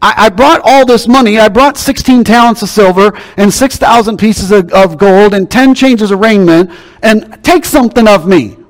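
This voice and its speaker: A preacher acting out a grateful, newly healed man who keeps pushing his riches on his healer. The voice jumps up high and grows loud and pleading. A long hall reverb trails behind every phrase. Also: moderate pace, close to an everyday voice. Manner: pleading, insistent.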